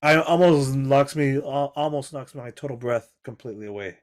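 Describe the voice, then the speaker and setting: A man's voice: medium pitch, normal speed. A man playing a tabletop game, asking about rules and tallying his damage. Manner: checks rules with questions. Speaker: player. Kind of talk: tabletop game play over voice chat.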